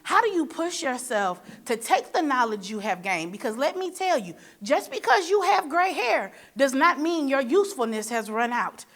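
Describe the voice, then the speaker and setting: A woman's voice: high voice, sing-song, moderate pace, hardly any pauses, a bit bright. A woman from Michigan moderating a forum, speaking in a preacher-like way with rhetorical questions and playful storytelling asides. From Michigan, USA. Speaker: panel moderator. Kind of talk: motivational forum speech.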